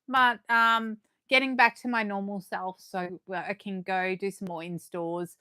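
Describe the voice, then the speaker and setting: A young adult Australian woman hosting a live unboxing, chatting warmly and gushing as she reads comments aloud. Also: mid-range voice, fairly even intonation, a little slow, clear, resonant tone, dry recording, clean studio sound. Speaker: livestream host.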